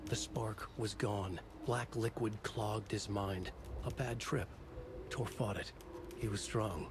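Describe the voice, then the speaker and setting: A man voicing a grim storyteller who narrates in terse, brooding sentences, as game audio with clear background noise. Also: lowish voice. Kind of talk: scripted narration.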